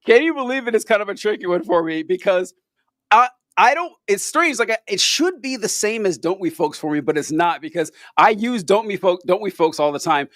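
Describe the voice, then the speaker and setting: A man's voice: sits high, brisk, no echo, clean studio sound. A man co-hosting a podcast, chatting casually and laughing often while ranking quotes. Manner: laughs often, animated banter. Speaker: podcast co-host.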